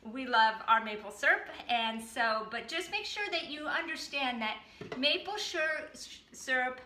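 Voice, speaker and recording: A woman from the Boston area hosts a laid-back cooking demo with a high, bright voice. She gives easygoing healthy-eating advice and fills her pauses with ums. The room around her sounds noticeably echoey. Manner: relaxed, advice-giving with frequent ums. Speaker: health program host.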